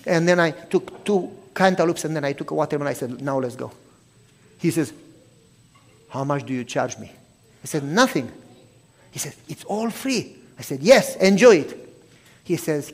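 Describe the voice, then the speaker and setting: A man preaching by telling a story, acting out each person's lines and dropping to a hush for tender moments. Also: a little high, measured pace, long pauses. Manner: animated storytelling, acting out both sides of the talk; drops to a hushed, soft voice for tender moments. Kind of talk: sermon storytelling.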